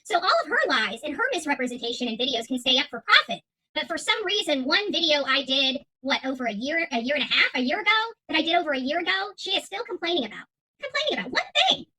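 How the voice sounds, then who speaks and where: A woman's voice: high-pitched, sing-song, fast, sharp tone, rough recording. A woman hosting her own channel, talking straight to viewers in a heated, defiant monologue, with many fillers and repeated words. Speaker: YouTube channel host.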